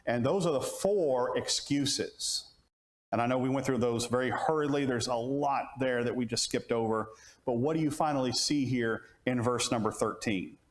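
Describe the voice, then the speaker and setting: A man's voice: medium pitch, normal speed. A man preaching a conversational Bible lesson to a class, asking questions and restarting his sentences. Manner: asks the audience questions, many restarts. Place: church classroom. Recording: roomy church room sound.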